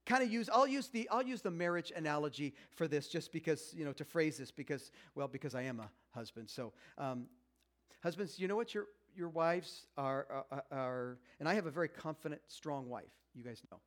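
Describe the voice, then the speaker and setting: A man's voice: on the high side, expressive, moderate pace, a bit bright. A man in his fifties giving a chatty, self-mocking talk on marriage to a live audience, acting out quoted voices. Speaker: speaker at a marriage seminar.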